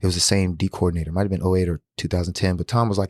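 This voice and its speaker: Animated, profane man telling stories. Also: deep voice, racing, few pauses, no echo, studio quality. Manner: animated, profane, slangy storytelling. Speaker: podcast guest. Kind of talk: casual storytelling interview.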